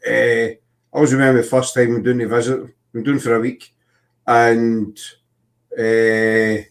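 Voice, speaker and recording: A man's voice: mid-range voice, little pitch movement, moderate pace. A man with a Scottish accent, hosting a casual chat and telling rambling stories full of fillers and restarts. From Scotland. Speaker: podcast host.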